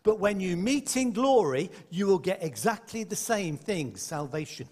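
A man delivers a sermon in a high, animated voice that rises and falls constantly. He talks to his congregation in a conversational way and drops in playful asides. His voice rings with a long reverb in a large hall. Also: normal speed. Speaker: preacher. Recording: echoey hall.

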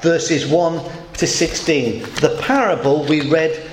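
A man's voice: a little high, slow. A man preaching a sermon in a conversational way, asking his congregation questions and acting out quoted voices. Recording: echoey hall with faint noise.

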